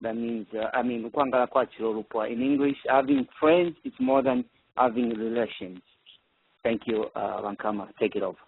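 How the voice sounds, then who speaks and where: A man's voice: medium pitch, animated, normal speed, vocal fry, breathy edge. A Zambian man with a Zambian accent presenting a short radio segment, hesitant and earnest with many fillers. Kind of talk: radio talk. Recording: tinny phone-like line.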